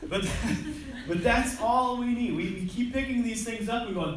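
A man's voice: extremely high pitch, lively intonation, moderate pace, a little hiss or hum. Guy preaching a sermon, chatty and self-deprecating, stumbles and restarts, big echoey hall, mic far off.

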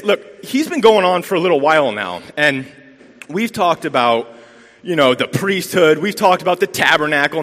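Recorded in a church sanctuary whose hall adds long reverb, a man preaching as a layperson winds through meandering anecdotes and pokes fun at himself. His voice is fairly high-pitched and a bit bright.

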